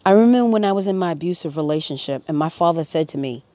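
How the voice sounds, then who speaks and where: A woman's voice: low voice, animated, quick pace, warm tone, no echo. A woman speaking to camera, earnest and preachy, her voice rising to emphatic peaks. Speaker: vlogger. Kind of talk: impassioned personal commentary.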